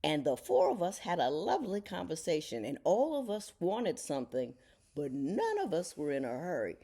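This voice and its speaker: A woman's voice: normal speed, breathy edge. A middle-aged woman, a television judge, telling a casual story at home and acting out the people she quotes. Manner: animated storyteller, voices quoted people with big pitch jumps. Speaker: television judge turned podcaster.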